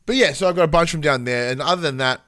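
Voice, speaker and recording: A man's voice: on the high side, racing, pushed and bright, no room sound. An Australian man co-hosting a podcast, telling rambling stories with lots of fillers and chuckles. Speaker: podcast co-host. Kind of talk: casual podcast chat.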